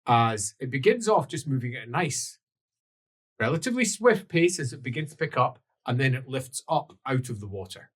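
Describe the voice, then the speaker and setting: A man running a tabletop role-playing game, narrating the scene with animated energy and bursts of sound effects. His voice is husky and breathy, and his pitch rises and falls in a lively way. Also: normal speed. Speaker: game master.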